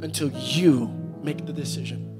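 A man preaching a sermon to a live church congregation, repeating phrases and building to loud, shouted peaks. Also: mid-range voice, fairly even intonation, normal speed, over music. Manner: engages the congregation directly.

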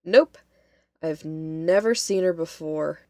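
A woman's voice: low voice, slow, a little mellow, dry recording, clean studio sound. A woman voicing a young female college student who is rattled and insistent. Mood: recounting. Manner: shaken, insistent.

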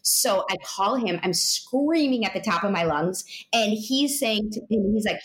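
A woman's voice: medium pitch, expressive, unhurried, hardly any pauses. A woman in her thirties, an interview guest telling a personal story in a rambling way, full of "you know" and restarts.

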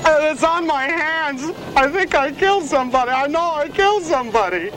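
An actor playing a troubled young male student who is confused and speaks in halting, dazed lines in a film scene. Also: very high-pitched, expressive. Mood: distressed. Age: young adult. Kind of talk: film acting.

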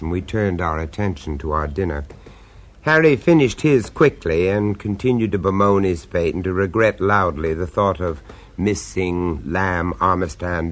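A man narrating and acting in a radio drama, mild and polite, a little hesitant in dialogue. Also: sits low.

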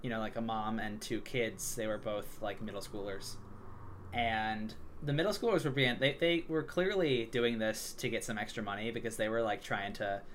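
A man's voice: fairly low pitch, normal speed, fairly bright tone. Young man telling a rambling story. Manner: rambling storyteller, lots of filler words. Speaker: podcast co-host. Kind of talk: casual chat. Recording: faint background noise.

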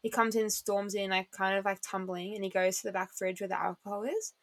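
A woman's voice: mid-range voice, brisk, fairly bright tone, no echo. A woman, co-hosting a podcast in casual chat and telling stories animatedly with a lot of fillers and casual swearing. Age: 20s. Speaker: podcast co-host.

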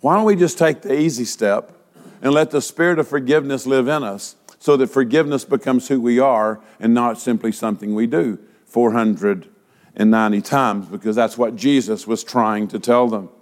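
A male pastor delivering a sermon, asking rhetorical questions and using dramatic pauses. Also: mid-range voice, a little mellow, in a large hall.

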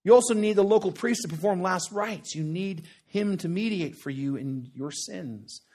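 A man's voice: sits high, moderate pace, a little mellow. A man preaching a sermon in a conversational, earnest way, often checking in with "right?" and repeating short phrases for emphasis.

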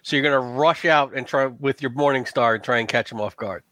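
A man's voice: medium pitch, a little fast, bright, forceful tone, dry recording. A man narrating as game master of a tabletop game in a loose, casual way with many fillers.

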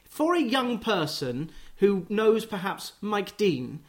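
A radio host interviewing a guest, with a lively, bouncing pitch. The host asks quick questions and drops in chatty remarks of their own. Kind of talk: casual radio interview chat.

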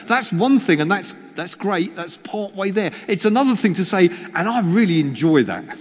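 A man's voice: high-pitched, expressive, normal speed. A male preacher giving a chatty sermon, teasing the congregation and poking fun at himself. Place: church hall. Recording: long reverb of a church hall.

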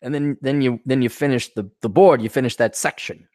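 A man's voice: medium pitch, brisk, no echo, studio quality. A man hosting a podcast, ranting sarcastically and swearing, often mocking characters in put-on voices. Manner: swears, animated and indignant. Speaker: podcast host. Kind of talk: casual ranting monologue.

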